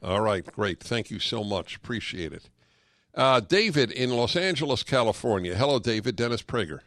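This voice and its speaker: A man's voice: medium pitch, animated, normal speed, a bit bright, no echo. A man hosting a call-in radio talk show, speaking earnestly and emphatically and taking calls. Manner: emphatic, earnest, sarcastic asides.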